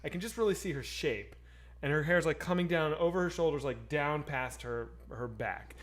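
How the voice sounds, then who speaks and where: A man co-hosting a streamed chat, telling a story in an excitable way and swearing often. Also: a little high, moderate pace. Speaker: stream co-host.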